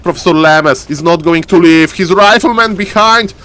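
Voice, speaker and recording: Excitable man casting a strategy game. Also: high voice, moderate pace. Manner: excitable, repeats catchphrase "ladies and gentlemen". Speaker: esports caster. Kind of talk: live game commentary.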